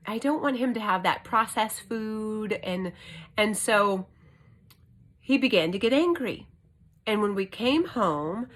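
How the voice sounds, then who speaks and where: Give me an earnest woman in her thirties vlogging at home with lively, emphatic storytelling. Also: mid-range voice. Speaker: homeschooling mother. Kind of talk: casual vlog monologue. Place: indoors at home.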